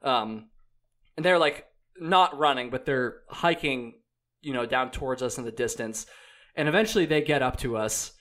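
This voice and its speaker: Young man, middle pitch, casual rambling storyteller, lots of filler words, relaxed swearing. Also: normal speed. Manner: rambling, many "like"s and restarts, laid-back swearing. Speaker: hiker and podcast guest.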